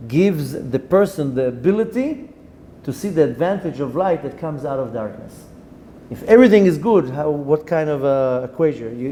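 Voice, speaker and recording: A man, a rabbi giving a Torah lesson, telling a story with animated delivery, dropping in Hebrew terms and restarting his sentences. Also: a little high, slight background noise. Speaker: rabbi teaching a Torah class.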